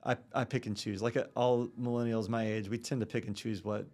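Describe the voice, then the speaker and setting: A man's voice: fairly low pitch, fairly even intonation, a little fast, a little mellow. A man around forty, a podcast guest talking casually with lots of fillers and restarts. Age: about 40. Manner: rambling, many fillers and restarts. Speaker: guest, real estate broker.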